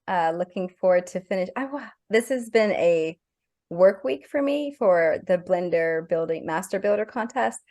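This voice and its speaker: A woman's voice: medium pitch, expressive, normal speed, a little mellow. A woman co-hosting a podcast in casual chat, chatty and laughing a lot, a little self-conscious. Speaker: podcast co-host and content creator.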